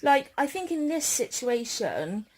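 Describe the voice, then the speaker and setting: Slow-talking young woman. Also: high-pitched, big pitch swings, darkish tone, husky, poor audio. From England. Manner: slow, hesitant, with many pauses and fillers. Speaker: vlogger. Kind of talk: casual chat.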